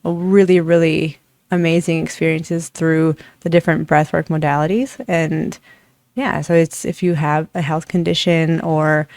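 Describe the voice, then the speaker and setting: Breathwork coach, 30s, gravelly voice, dry close mic, rambles w lots of "like"s. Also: mid-range voice, level tone, moderate pace, darkish tone, no echo. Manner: rambling, many restarts and "like" fillers. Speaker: breathwork facilitator. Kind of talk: casual personal storytelling.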